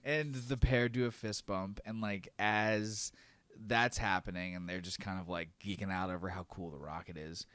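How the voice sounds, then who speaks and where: A man's voice: deep voice, fairly even intonation, moderate pace, fairly bright tone. A man narrating as game master of a tabletop role-playing game, describing scenes with fillers.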